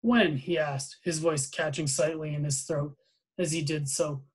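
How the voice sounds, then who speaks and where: Man, reading a novel aloud, steady narration, slightly high voice. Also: unhurried, slightly rough, low-quality recording. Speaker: reader.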